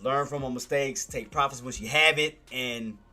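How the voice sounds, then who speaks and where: Male trading streamer, casual recap, bright and forceful, light music bed. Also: mid-range voice, moderate pace. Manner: excited, repetitive shout-outs to viewers.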